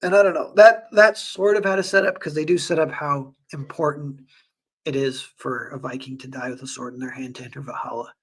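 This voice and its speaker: A man's voice: fairly high pitch, a little fast, breathy edge. Rambling casual man streamer. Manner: rambling, filler-heavy, animated retellings. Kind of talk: casual livestream chat.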